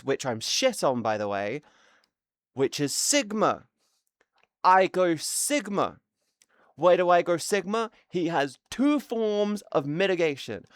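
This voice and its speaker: A man's voice: a little high, smooth, no echo, clean studio sound. Swearing British man ranting on stream. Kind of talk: casual livestream rant.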